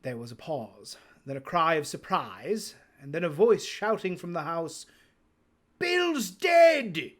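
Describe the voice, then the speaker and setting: A man giving a theatrical, unhurried dramatic read-aloud of a classic novel. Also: on the high side, expressive, a bit bright. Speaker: reader.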